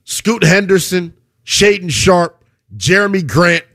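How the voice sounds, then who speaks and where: A man hosting a sports talk radio show, arguing his takes with rhetorical questions and an animated delivery. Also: high voice, slow.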